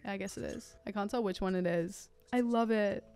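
A young Australian woman giving excited, gushing commentary as she plays a horse-riding game, full of "oh my god" and "like". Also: medium pitch, brisk, smooth, soft background music. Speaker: gaming YouTuber. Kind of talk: casual gameplay commentary.

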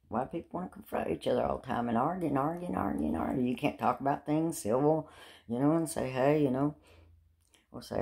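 Middle-aged woman vlogger, deep and fried voice, handheld phone, chatty and rambling. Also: creaky, a little mellow. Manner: rambling and chatty, with repeated words and self-mocking laughs. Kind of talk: casual talk to camera.

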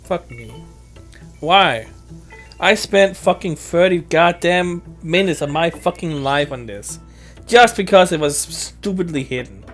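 Exasperated woman swearing through a game. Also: lowish voice. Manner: exasperated, swearing, muttering to herself. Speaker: let's play host. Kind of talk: video game commentary. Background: faint game music.

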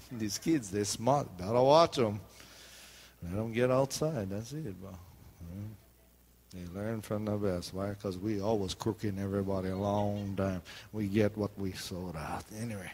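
A pastor in middle age delivers a playful sermon in a Hawaiian Pidgin accent, storytelling conversationally and leaping into voices. The voice is fairly low and darkish, measured in pace, with slight background noise.

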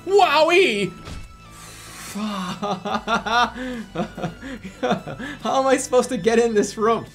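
A man streaming a game, excitable and profane, often laughing and yelping into a desk microphone. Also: very high voice, extremely slow, gravelly, faint music behind. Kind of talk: gaming livestream commentary.

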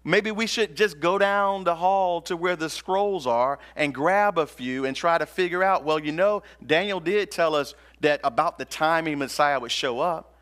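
A man's voice: a little high, normal speed, hardly any pauses, a bit bright, pitched above the performer's own voice, lightly acted. Man doing an offhand, lazy temple scribe. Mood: musing. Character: casual dismissive temple scribe, male adult.

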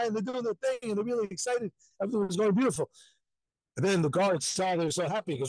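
A man's voice: high voice, fast talker, dry recording, rough recording. A man from Jerusalem telling a story live as a rabbi, acting out the voices of the people in it. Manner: animated, acts out voices in stories.

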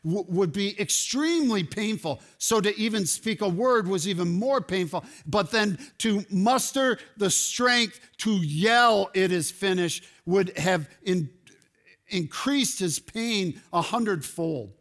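A man preaching a sermon as pastor, animated and rising to loud exclamations. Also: sits high, takes it slowly. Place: church sanctuary.

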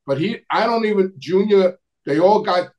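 A middle-aged man tells long stories in a loose, rambling way. He keeps restarting his sentences, trails off, and pauses to dig for names. His speaking voice sits a little on the high side. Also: lively intonation, a little mellow, lo-fi sound. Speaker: guest recounting family history. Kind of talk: casual storytelling conversation.

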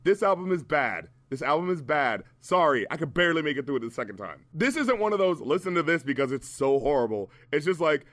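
Guy ripping apart a rap album, swears a lot, kinda high voice, dry close mic. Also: no echo. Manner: profane, mocking, animated ranting. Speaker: album reviewer. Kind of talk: casual podcast review chat.

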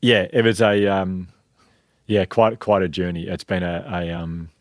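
A man's voice: deep voice, level tone, a little slow, no room sound, clean studio sound. An Australian man hosting a podcast, telling long self-deprecating anecdotes in a casual chat and sounding tired. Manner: rambling, self-deprecating anecdotes with frequent restarts. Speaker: podcast co-host.

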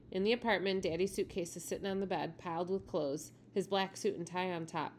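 A woman teacher reading a novel aloud in a steady, plain storytelling manner. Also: on the low side, fairly quick, few pauses, slight background noise.

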